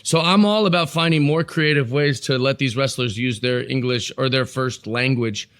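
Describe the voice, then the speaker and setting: A man's voice: medium pitch, moderate pace, fairly bright tone, clear, resonant tone. A man as a podcast guest, chatting earnestly about wrestling and giving long opinions. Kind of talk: casual wrestling chat.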